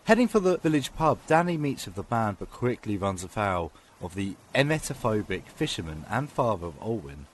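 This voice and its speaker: Lively man co-hosting a film podcast. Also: on the low side, a little fast, hardly any pauses, slight background noise. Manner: animated, with lots of ums and laughs. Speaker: podcast co-host and film reviewer. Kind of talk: casual chat and scripted review.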